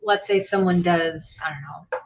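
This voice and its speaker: A woman's voice: fairly low pitch, normal speed. A woman hosting a casual reaction chat, making blunt, matter-of-fact comments. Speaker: host. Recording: slightly dull lo-fi audio.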